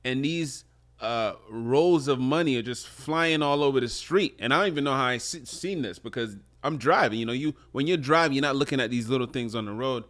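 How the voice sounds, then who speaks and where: Man podcast co-host, laid-back chat, chuckling, average pitch. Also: brisk. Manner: relaxed, conversational, chuckles and affirms with mm-hmm. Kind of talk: casual storytelling chat.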